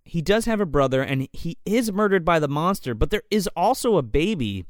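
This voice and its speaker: A man's voice: on the high side, big pitch swings, a little fast, no echo, studio quality. A man co-hosting a podcast, casually and profanely retelling movie scenes with lots of swearing. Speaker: podcast co-host.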